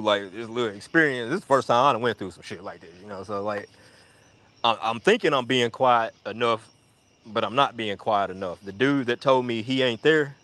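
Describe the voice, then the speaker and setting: On a live audio chat, a man tells a casual, rambling story peppered with profanity. He acts out quoted voices in a high pitch and drops to a hushed mutter when he reflects.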